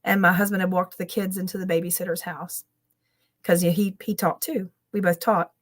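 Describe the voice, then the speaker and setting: A woman's voice: lowish voice, little pitch movement, moderate pace. A woman teacher, telling an emotional story on a roundtable video call, laughing often between lines. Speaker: teacher and panel guest. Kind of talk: roundtable discussion.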